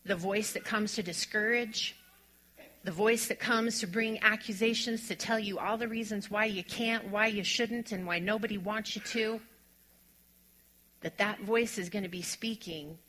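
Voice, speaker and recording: A woman delivers a sermon with a bright, clear tone. She moves between soft, almost hushed passages and emphatic, rising declarations, explaining scripture to her listeners. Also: medium pitch, unhurried, poor audio. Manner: expressive, drops to a hush on quiet lines and rises to emphatic on strong ones. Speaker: preacher.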